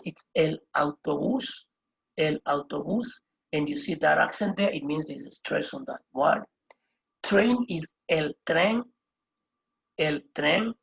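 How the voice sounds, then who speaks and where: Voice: medium pitch, creaky, slightly rough, muffled recording. A Spanish teacher giving a whiteboard lesson, patiently spelling out each word letter by letter and repeating every term. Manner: patient, explains step by step. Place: indoors at a whiteboard.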